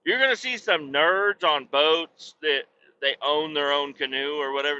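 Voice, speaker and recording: A man's voice: a little high, normal speed, pushed and bright, dull audio, slight background noise. A man hosting a podcast and telling a rowdy, profane, rambling comic story. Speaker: podcast host.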